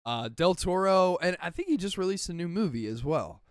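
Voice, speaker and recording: A man's voice: sits high, lively intonation, fairly quick, dry recording, studio quality. A young man hosting a casual podcast chat, enthusiastic, swearing freely and laughing often. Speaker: podcast host.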